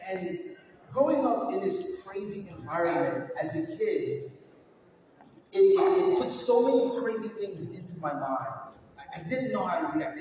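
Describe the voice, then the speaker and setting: Motivational keynote speaker, man from New York, high voice, energetic storyteller, recorded far off in a long-reverb hall. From New York, USA. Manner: energetic storytelling, direct address to the audience. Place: large hall with stage. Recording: echoey hall, far from mic, faint noise.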